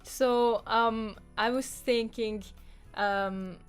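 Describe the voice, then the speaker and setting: A woman's voice: fairly high pitch, steady tone, very slow, clear, resonant tone, soft background music. A woman co-hosting a podcast in casual chat, talking freely with frequent fillers and laughter. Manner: chatty, laughs often, many fillers. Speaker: podcast co-host.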